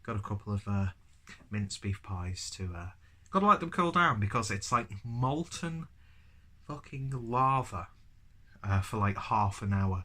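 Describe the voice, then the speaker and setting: A man's voice: fairly low pitch, animated, unhurried, sharp tone. A man with a cold and a stuffy nose, reviewing a beer in a rambling, chatty, self-deprecating way. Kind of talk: casual review vlog.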